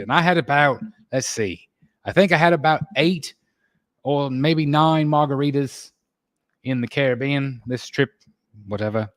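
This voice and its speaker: A man from the United States hosts a casual live stream, chatting in a relaxed, rambling way with plenty of fillers and restarts. His voice sits in an ordinary middle range. It is recorded close and dry, with no room sound. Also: mid-range voice, a little slow, no room sound. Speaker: livestream host reading chat. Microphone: desk microphone.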